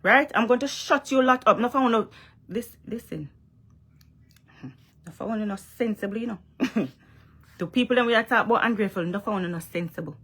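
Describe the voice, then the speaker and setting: A young woman with a Jamaican accent vlogs casually straight to camera, emphatic and repetitive, often asking "you understand?". Her voice is on the high side, a bit bright with a breathy edge, at normal speed with long pauses.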